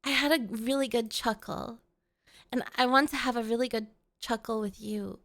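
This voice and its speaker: A woman's voice: a little high, fairly even intonation, moderate pace, a bit bright. A woman streamer chatting casually with her live chat, playful and melodramatic, often pleading with viewers.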